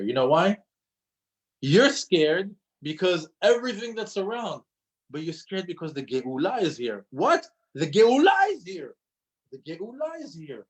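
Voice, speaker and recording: A man teaches a class with an emphatic, lively delivery, his voice sitting a little high for a man. He repeats key phrases for weight. When he tells a story, he acts out the quoted lines. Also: low-quality recording. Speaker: religious teacher. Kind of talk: lecture to an audience.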